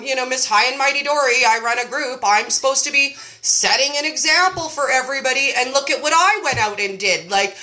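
Chatty, bright-voiced woman in her forties. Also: sits high. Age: 40s. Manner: chatty, self-mocking storyteller, says "like" a lot. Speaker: host running a keto support group. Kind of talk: casual chat.

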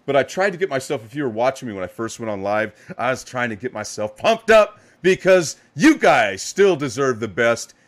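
A man's voice: mid-range voice, big pitch swings, normal speed, few pauses. Middle-aged male live-stream host, upbeat and hyped, a bit tired, everyday mid-range voice. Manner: upbeat, hyped shout-outs to chat viewers. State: a little tired. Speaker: live card-break host. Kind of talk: live-stream card break commentary.

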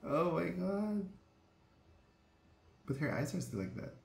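A man giving live reaction commentary on an anime, excitable and swearing freely as he exclaims at the screen. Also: on the high side, slow pace, gravelly. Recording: echoey room with faint music.

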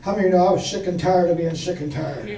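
Folksy high-voiced preacher, echoey. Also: male voice, rapid-fire, dark tone. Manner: folksy testimony with audience questions. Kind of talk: storytelling sermon. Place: church. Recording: echoey room from far off, faint noise.

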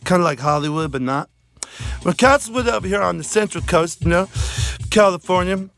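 Man, high voice, goofy rambling vlog talk, phone recording, faint guitar behind. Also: moderate pace, creaky. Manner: goofy, rambling, silly shout-outs. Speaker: vlogger.

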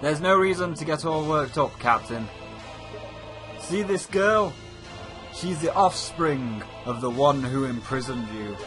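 A man's voice: fairly high pitch, lively intonation, unhurried, over music. A man voicing a scheming female pirate captain with a sly, smug delivery, reading game dialogue.

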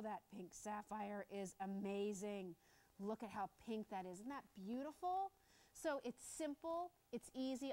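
Casting: excitable TV shopping host, woman, slightly high voice, gushing live sales pitch. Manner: gushing, excited selling with playful asides.

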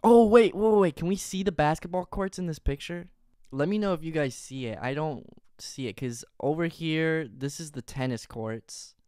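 Breathless, excitable young man streaming. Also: on the high side, moderate pace, clear, resonant tone, no room sound, clean studio sound. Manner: excitable, rambling, loud bursts of enthusiasm. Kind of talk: excited live reaction stream.

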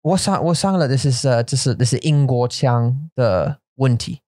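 A man's voice: medium pitch, normal speed, dark tone, no room sound, studio quality. An English man co-hosting a podcast, chatting casually and rambling with restarts as he mixes English and Mandarin. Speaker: podcast co-host. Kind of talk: casual bilingual chat.

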